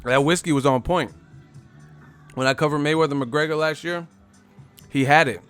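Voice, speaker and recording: A man hosting a boxing live stream in casual chat, animated, swearing freely and laughing a lot. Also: fairly high pitch, moderate pace, smooth, faint music behind.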